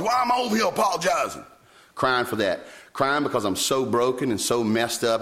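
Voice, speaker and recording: A man, preaching a sermon as a pastor, telling personal stories with sudden leaps up in pitch when he quotes himself. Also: fairly bright tone. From Virginia, US.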